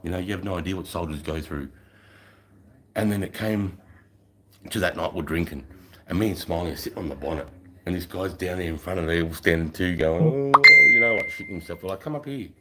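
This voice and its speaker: A man's voice: low-pitched, fast, pushed and bright. A man telling a boastful army story in casual, profane, swaggering talk. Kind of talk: crude anecdotal storytelling.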